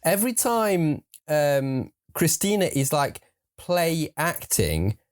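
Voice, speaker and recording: A man talking over a film on a podcast, his mid-range voice rising and falling a lot. He thinks aloud in halting runs, full of ums, likes and restarts. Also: a little high, very animated, noisy background. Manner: thoughtful, halting, lots of fillers. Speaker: podcast co-host. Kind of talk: casual film review chat.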